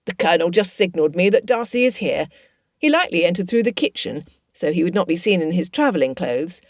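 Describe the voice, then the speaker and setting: A woman voicing a cheerful, earnest young gentleman. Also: on the low side, animated, fast, dry recording, studio quality.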